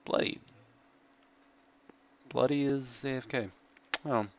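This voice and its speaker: A man's voice: mid-range voice, steady tone, takes it slowly, lo-fi sound. A man hosting and chatting casually over gameplay, upbeat and rambling with plenty of fillers. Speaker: server host and gaming commentator.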